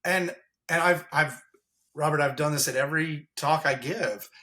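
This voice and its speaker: Bright-voiced fire captain speaking passionately. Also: male voice, a little high, moderate pace. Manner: earnest, impassioned storytelling. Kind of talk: candid podcast interview.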